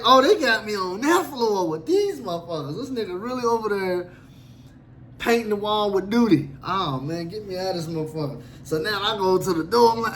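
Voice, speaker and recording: A man tells a story from his own life in a loose, comic, profane style, acting out the other people as he goes. His voice sits high for a man, and a faint hiss runs under it. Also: lively intonation, moderate pace, fairly bright tone. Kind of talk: casual storytelling.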